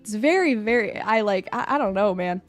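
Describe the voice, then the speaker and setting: A young woman streaming live, chatting casually with her chat and answering a quiz about herself, animated and at times breaking into loud high squeals. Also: normal speed, faint music behind. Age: young adult. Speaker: VTuber streamer.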